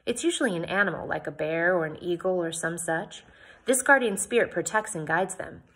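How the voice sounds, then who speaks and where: A woman voicing a formal gentleman explaining local customs. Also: lowish voice, expressive, brisk, slightly rough, full character voice. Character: genteel, explanatory pioneer gentleman.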